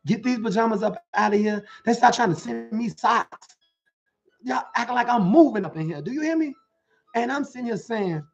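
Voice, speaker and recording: A man's voice: very high voice, lively intonation, normal speed, vocal fry, lo-fi sound, faint music behind. A man preaching motivation to an online audience, speaking in rhythmic, rhyming phrases and often checking in with his listeners. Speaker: motivational preacher and life coach.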